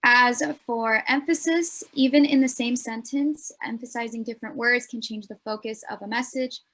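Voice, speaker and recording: A woman's voice: on the high side, moderate pace, a bit bright. Young woman presenting a speech workshop. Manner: earnest, explanatory, with frequent ums.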